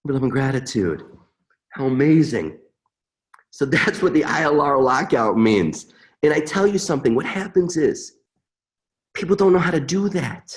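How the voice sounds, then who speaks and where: A man's voice: fairly high pitch, expressive, normal speed, long pauses. A middle-aged man earnestly demonstrating an emotional technique as a webinar presenter, repeating mantras with feeling.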